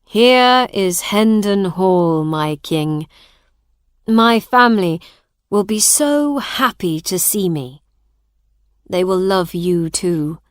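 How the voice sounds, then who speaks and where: A woman reading a calm, kindly man friend. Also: mid-range voice, takes it slowly, clean tone, dry recording, studio quality. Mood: reassuring. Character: kind adult man friend, protective.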